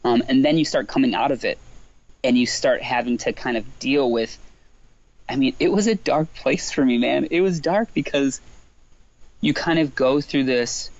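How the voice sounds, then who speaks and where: A man's voice: mid-range voice, moderate pace, dry recording. A man talking as a guest, telling his story candidly and earnestly, with frequent restarts. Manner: earnest, reflective, lots of restarts and "like". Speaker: guest musician. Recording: slightly dull lo-fi sound.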